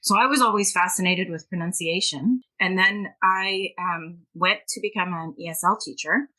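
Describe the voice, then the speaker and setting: A woman's voice: fairly low pitch, moderate pace, sharp tone, low-quality recording. A woman, a guest author and language teacher, talking emphatically and at length in a podcast interview. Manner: passionate, emphatic and talkative.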